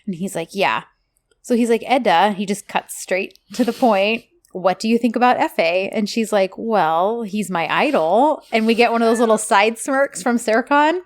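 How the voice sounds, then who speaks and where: A woman's voice: fairly high pitch, moderate pace, few pauses. Chatty woman retelling scenes. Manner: animated, acts out characters' lines while retelling. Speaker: podcast co-host recapping a TV drama. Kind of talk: casual chat.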